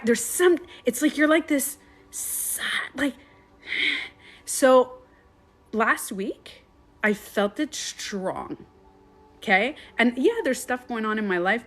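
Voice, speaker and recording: A woman's voice: fairly high pitch, a bit bright. A woman who works as a meditation coach, rambling in a casual live-stream monologue with lots of swearing.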